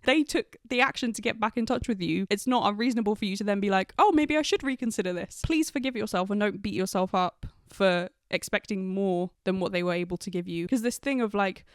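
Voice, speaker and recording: A woman's voice: mid-range voice, a little fast, few pauses, no echo, studio quality. A young woman, talking casually and chattily about friendship advice, with lots of "like" and frequent laughs. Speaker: vlogger.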